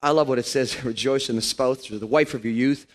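A man in his fifties preaching a lively, joking sermon to a congregation in a church. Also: mid-range voice, fairly quick. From Canada. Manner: animated, joking, playful put-on voices.

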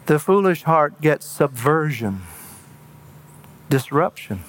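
A man preaching a sermon in an earnest way, slowing down and dropping to a hush for emphasis. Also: a little high, big pitch swings, a little hiss or hum.

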